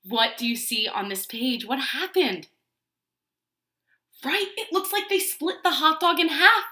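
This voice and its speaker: A woman teaching preschool, reading a picture book aloud to young children in an animated way and asking them questions. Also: sits high, measured pace. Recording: roomy echo.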